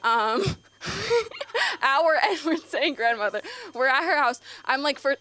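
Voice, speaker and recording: A woman's voice: high voice, very animated, slow pace, bright, forceful tone. A teenage girl doing a nervous, rambling open mic stand-up set on a comedy club stage, full of fillers and giggles. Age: teens.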